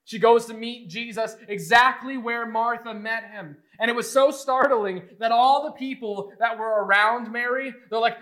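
A man retelling a Bible story in an emotive, conversational way, moving from hushed to excited. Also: very high voice, normal speed, few pauses, rough recording.

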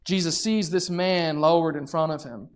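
A preacher giving a sermon, retelling a scripture story with lively storytelling and voices for the people in it. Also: medium pitch, normal speed. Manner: animated storytelling, acting out voices.

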